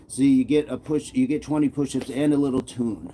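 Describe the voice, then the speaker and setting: A man hosts a relaxed workout stream, answering his viewers' comments one after another. His voice is mellow and warm, sitting at a mid pitch, and he speaks in easy, encouraging chat. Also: a little fast, hardly any pauses, a little hiss or hum. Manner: reads viewer comments aloud and answers them warmly; encouraging and upbeat. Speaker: fitness livestream host. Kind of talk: casual live chat while working out.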